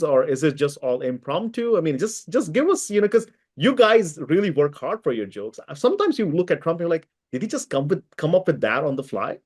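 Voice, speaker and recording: A man interviewing a guest, asking questions with many fillers and restarts. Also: a little high.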